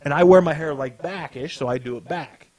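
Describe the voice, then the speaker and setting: A man's voice: on the high side, fairly quick, darkish tone. A young man hosting a podcast, telling a story in casual chat, swearing a lot and laughing as he goes. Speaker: podcast host.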